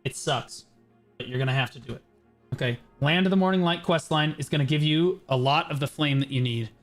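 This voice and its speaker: Faint music sits behind this streamer, whose voice runs on the high side. He guides viewers through gearing in a game live, brash and profane in a casual way, firing off short bursts punctuated by many an "okay."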